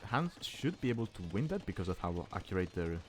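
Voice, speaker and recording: Low-voiced caster. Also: male voice, big pitch swings, fairly quick, faint music behind. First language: Italian. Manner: thinking aloud, restarting words mid-phrase. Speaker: esports caster. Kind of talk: live strategy game commentary.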